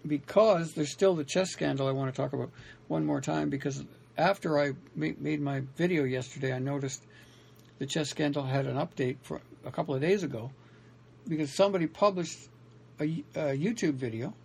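Gravelly man rambling to camera. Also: on the high side, a little fast, darkish tone. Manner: meandering, self-correcting, many restarts and fillers. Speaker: independent writer and vlogger. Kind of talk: rambling solo talk to camera.

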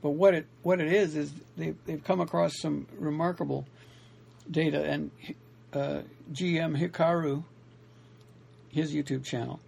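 Gravelly man rambling to camera. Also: a little high, fairly even intonation, a little slow, darkish tone, a little hiss or hum. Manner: meandering, self-correcting, many restarts and fillers. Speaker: independent writer and vlogger. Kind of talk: rambling solo talk to camera.

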